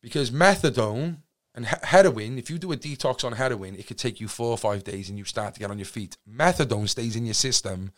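A man with a Cardiff accent, speaking at a middling pitch as he tells his story on a podcast. He rambles with lots of fillers and restarts, swears casually, and keeps the telling animated. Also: a little fast. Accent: Welsh, Cardiff. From Wales. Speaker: podcast guest.

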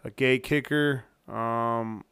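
A man's voice: medium pitch, fairly even intonation, takes it slowly, a bit bright, clear, resonant tone, dry recording. A young man co-hosting a podcast in casual banter, wry and teasing, rambling with fillers. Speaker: podcast co-host.

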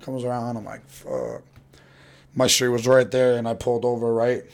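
A man's voice: mid-range voice, completely flat delivery, brisk, clean tone. A young man telling rowdy stories casually, swearing a lot and acting out the voices of people in them. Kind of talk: casual storytelling.

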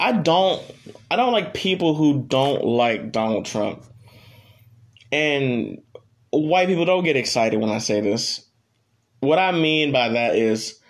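A young man hosting his own podcast, ranting casually in a blunt, profane, rambling way. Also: mid-range voice. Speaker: podcast host. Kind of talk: casual solo podcast rant.

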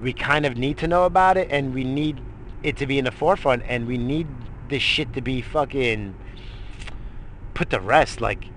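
A young man swearing and rambling in a late-night solo vlog rant, swinging between shouting and muttering. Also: medium pitch, normal speed, slight background noise. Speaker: vlogger.

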